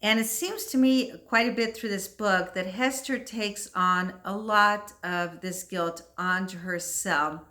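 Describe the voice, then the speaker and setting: A middle-aged woman teacher talks through a classic novel for English learners. She speaks very slowly and deliberately, with a bright, clear voice that spells out every idea. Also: medium pitch. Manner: slow, clear, deliberate explaining. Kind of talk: literature commentary for English learners.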